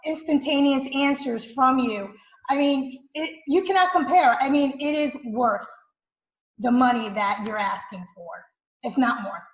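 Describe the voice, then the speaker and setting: An enthusiastic woman real estate agent gushing about a product in a client testimonial interview. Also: sits high. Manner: effusive and enthusiastic. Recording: roomy, dull audio.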